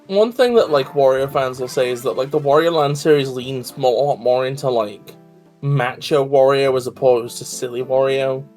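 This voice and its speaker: A man's voice: medium pitch, normal speed, darkish tone, soft background music. A man co-hosting a game stream, chatting casually with joking, profane, rambling riffs. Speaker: stream co-host. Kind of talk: casual chat while gaming.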